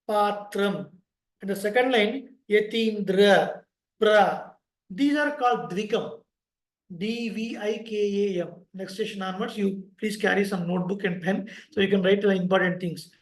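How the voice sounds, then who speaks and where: A man with an Indian English accent leading an online sloka class, chanting slowly and explaining pronunciation with patience. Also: high-pitched, echoey room, rough recording. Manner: slow drawn-out chanting, patient spelling-out of sounds. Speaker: chanting teacher.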